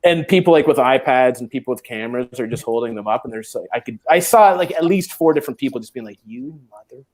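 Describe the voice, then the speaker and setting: Man telling a lively anecdote. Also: mid-range voice, fast talker, hardly any pauses. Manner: animated, acts out quoted voices. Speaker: co-host. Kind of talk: casual storytelling chat.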